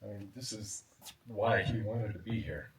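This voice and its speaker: Man, memorial remembrance speech, warm, reflective, echoey, distant mic. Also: on the low side, fairly even intonation, a little slow, slight background noise. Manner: warm, reflective, chuckling now and then. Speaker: memorial speaker.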